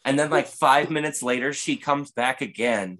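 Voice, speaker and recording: A man's voice: mid-range voice, normal speed, fairly bright tone. A man telling a rambling, profane, comedic story in casual podcast chat. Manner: profane, rambling, with frequent fillers. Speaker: podcast guest or host.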